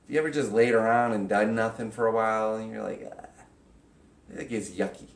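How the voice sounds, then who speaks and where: A man giving a casual spiritual teaching talk, animated and acting out inner voices with sudden loud, high bursts. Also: quick pace, creaky. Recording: echoey room.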